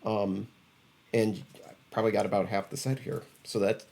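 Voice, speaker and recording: A man with a fairly low voice talks casually as a podcast co-host. He rambles and halts, restarting his sentences and filling pauses with ums as he goes. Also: flat delivery, creaky, a little mellow. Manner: rambling, halting, many fillers and restarts. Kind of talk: casual chat about trading cards.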